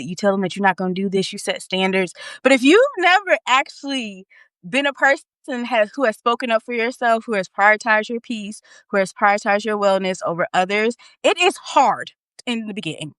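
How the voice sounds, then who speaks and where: Brisk and a little bright, this woman hosts a live stream and tells her own story openly and emphatically, circling back and restarting as emotion rises. There's no echo, and the audio comes through a phone or webcam microphone.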